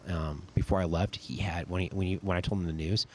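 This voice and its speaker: A young man, a podcast guest and army sergeant, telling stories in a relaxed, casual way, full of "dude" and "like.". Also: low voice, fairly quick, a little hiss or hum. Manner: laid-back, says "dude" and "like" a lot. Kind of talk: casual storytelling chat.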